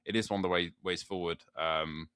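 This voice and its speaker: A man's voice: sits low, fairly even intonation, brisk, bright, forceful tone, clear, resonant tone. A British man guesting on a gaming podcast, talking eagerly with many restarts. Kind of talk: casual chat.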